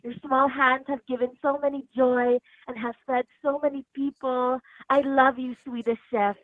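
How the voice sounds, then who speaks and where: A woman's voice: high-pitched, level tone, moderate pace, dry recording, natural voice. A woman calling in as a gushing auntie, speaking broken English. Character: gushing Filipino auntie caller, adoring. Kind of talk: prank call-in bit. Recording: tinny phone line.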